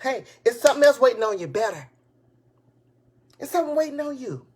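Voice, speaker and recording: Excited woman giving a motivational talk. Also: high-pitched, a little fast, slightly rough. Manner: excited, preachy, repeats her points. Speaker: motivational speaker and business coach. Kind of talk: live-streamed motivational talk. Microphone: tablet device.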